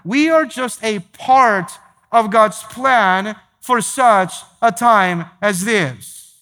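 A pastor preaching a sermon to his church, emphatic, repeating phrases and slowing down to stress key points. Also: extremely high pitch, bright, forceful tone. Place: large church sanctuary. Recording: long hall reverb.

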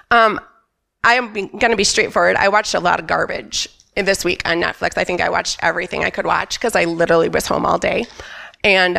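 Brief: middle-aged woman, heavy vocal fry, frank and emphatic church testimony. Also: mid-range voice, fairly bright tone. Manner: candid, emphatic storyteller who quotes herself. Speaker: church member giving a testimony. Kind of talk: personal testimony at a church service. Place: church stage.

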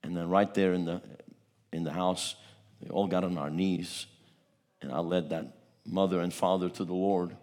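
A middle-aged man from Turkey preaching a sermon, telling a story with animated energy and acting out the people in it. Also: sits low, moderate pace, pauses often. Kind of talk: testimony sermon.

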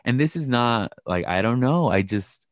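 A man's voice: medium pitch, expressive, normal speed, no room sound, clean studio sound. A young adult man co-hosting a casual chat. He talks in a profane, self-deprecating way and often restarts his sentences. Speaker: podcast co-host.

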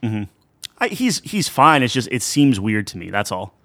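A man's voice: mid-range voice, very animated, a bit bright, no echo. A man co-hosting a podcast, chatting casually and asking his partner questions. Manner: conversational, asks questions, halting restarts. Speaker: podcast co-host. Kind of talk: casual chat.

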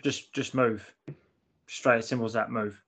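A man's voice: medium pitch, steady tone, measured pace, fairly bright tone, breathy edge. A man in casual podcast banter, blunt and sweary, often repeating himself. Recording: slightly dull lo-fi audio.

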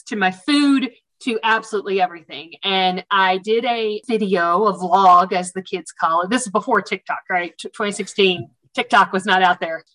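Woman interview guest telling a story, chatty and animated, self-amused. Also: medium pitch, poor audio. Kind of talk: casual storytelling.

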